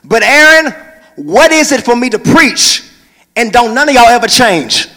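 High-voiced preacher man, echoey hall. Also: very animated, measured pace, pushed and bright. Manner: preaching, shifts into hollering whoops. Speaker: pastor. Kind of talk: sermon. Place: large church.

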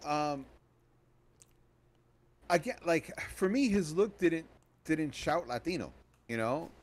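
A man co-hosting a podcast, asking probing questions in relaxed conversation with joking asides. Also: a little high, takes it slowly. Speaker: podcast co-host. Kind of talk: casual movie review chat. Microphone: podcast microphone.

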